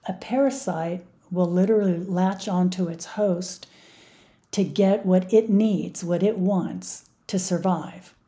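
A woman's voice: fairly low pitch, slow pace, dark tone. A middle-aged woman speaking earnestly and with emphasis as an interview guest. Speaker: guest, mother of a victim. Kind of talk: interview conversation.

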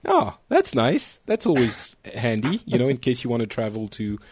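A man hosts a relaxed international panel show, joking and teasing his guests with quick asides. His voice sits at an ordinary middle pitch, recorded close and dry with no room sound. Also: husky, no room sound. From France. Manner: playful, teasing, quick to laugh. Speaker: podcast host. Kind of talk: casual panel chat.

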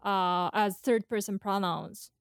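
Woman, podcast co-host; clear resonant tone, halting and thoughtful, dry close sound. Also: medium pitch, steady tone, no room sound. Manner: thoughtful, halting explanations with many fillers. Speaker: co-host explaining Japanese pitch accent. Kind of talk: casual podcast chat.

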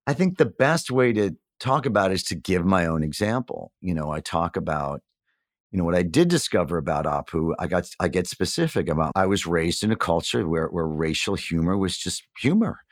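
A man in his fifties from New York, a guest in a candid interview, telling his story earnestly and reflectively with animated emphasis. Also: low-pitched, fairly quick, no room sound, clean studio sound. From New York, USA. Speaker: podcast guest.

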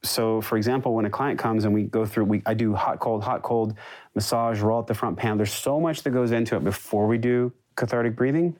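A man's voice: lowish voice, fairly even intonation, a little fast, a little mellow. A man who coaches breathwork, speaking as a guest in an earnest, reflective way. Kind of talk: casual conversation.

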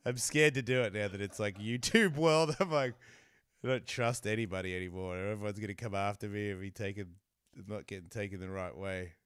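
A man's voice: fairly low pitch, brisk, fairly bright tone, smooth, no echo. Laughing, foul-mouthed Australian man. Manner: laughing, crude, swearing a lot. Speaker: host. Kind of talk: casual live show chat.

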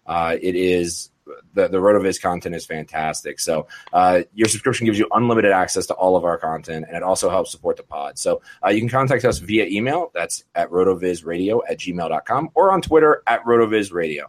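A man's voice: sits low, a little fast. A man hosting a podcast, chatting casually and joking, with lots of fillers. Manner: jokey, laughing, filler-heavy. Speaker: podcast host.

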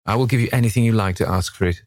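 A man reading an audiobook and voicing a languid, witty aristocratic gentleman with a cool, amused drawl. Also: fairly low pitch, rapid-fire, no echo, clean studio sound, pitched above the performer's own voice, natural voice. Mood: enthusing.

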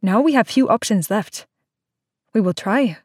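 Lady doing a calm steady lady doctor, firm and measured, dry audiobook sound. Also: mid-range voice, dry recording, natural voice. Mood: sharp. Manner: measured, even, growing sharp and insistent. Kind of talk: audiobook character voice.

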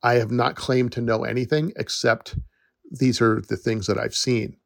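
A man's voice: mid-range voice, fairly even intonation, normal speed, creaky, no echo, studio quality. A middle-aged man hosting a podcast, talking in an earnest, reassuring way and laughing now and then. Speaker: podcast host, forest educator. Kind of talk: casual solo podcast talk.

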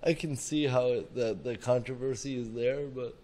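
Dude chatting casually, mellow warm voice, easygoing. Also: male voice, medium pitch, fairly even intonation, moderate pace, low-quality recording. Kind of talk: casual chat.

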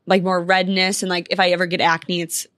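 A woman's voice: on the low side, flat delivery, a little fast, a bit bright, no room sound, clean studio sound. A young woman co-hosting a podcast, talking candidly in casual chat and saying "like" a lot. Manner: candid, chatty, heavy use of "like". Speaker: podcast co-host.

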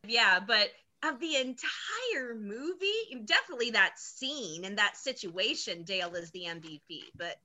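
A woman co-hosting a casual movie discussion, playful and quick to laugh. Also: on the high side, big pitch swings, sharp tone. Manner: unhurried, playful, laughs often.

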